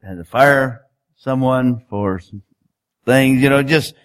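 A man's voice: mid-range voice, takes it slowly. A man preaching a sermon in a conversational style, building up to emphatic exhortations.

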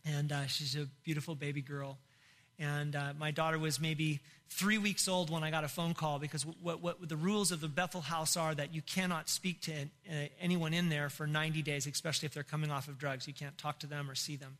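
A man's voice: a little high, little pitch movement, a little fast, fairly bright tone. A middle-aged man, a pastor, telling an emotional personal testimony in a sermon, breaking into laughs and near tears. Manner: emotional, tearful storytelling with laughs.

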